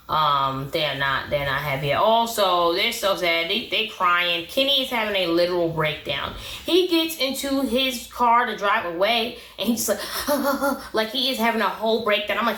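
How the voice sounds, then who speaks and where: A young woman speaking gives an animated, opinionated reality show recap, full of "um" and "like." Her voice is bright, and the room around her is echoey. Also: lowish voice, unhurried. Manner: chatty, animated, opinionated, with many "um" and "like".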